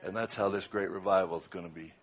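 An older man with a Southern US accent, a guest preacher chatting casually before his sermon, laughing between asides and swelling loud and slow when he praises. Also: low voice, fairly even intonation.

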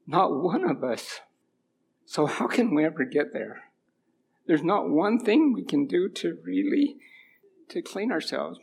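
A man's voice: fairly high pitch, a little hiss or hum. A middle-aged man giving an informal church talk, mixing homely stories with scripture readings, with a runny nose. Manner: folksy storytelling mixed with scripture reading. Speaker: church speaker.

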